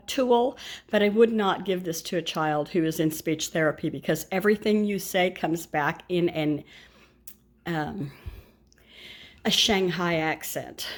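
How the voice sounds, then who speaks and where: An older woman and grandmother chatting casually to camera about her shopping haul, rambling with asides and self-corrections. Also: fairly low pitch. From United States. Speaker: vlogger showing a shopping haul.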